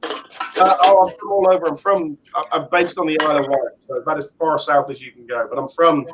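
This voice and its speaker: A man's voice: on the high side, steady tone, a little fast, muffled recording. A man from Devon with an English accent, wry and laughing in a live stream chat. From Devon, England. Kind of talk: casual chat. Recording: loud background noise.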